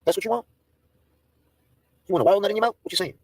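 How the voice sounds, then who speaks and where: A man's voice: sits high, fast, darkish tone, no echo. A man in a profane, taunting livestream rant, mocking and daring his targets.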